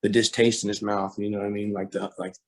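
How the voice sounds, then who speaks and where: A young man recounts a painful episode from his past as a guest. His voice sits low and moves little in pitch, and he halts, restarts and leans on fillers, sounding shaken and close to tears. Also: little pitch movement. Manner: halting, with many fillers and repeated starts. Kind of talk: personal story in an interview.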